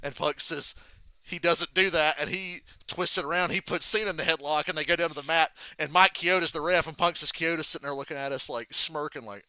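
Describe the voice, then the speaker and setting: A man chatting casually on a live stream, telling stories in an animated, profane way. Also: on the high side, a little fast, dry recording. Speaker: streamer reacting to a race.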